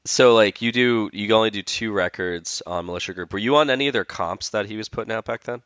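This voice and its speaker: A man hosting a podcast, asking relaxed, conversational interview questions. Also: lowish voice, brisk, clean tone, no room sound. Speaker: podcast host. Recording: dull, dry.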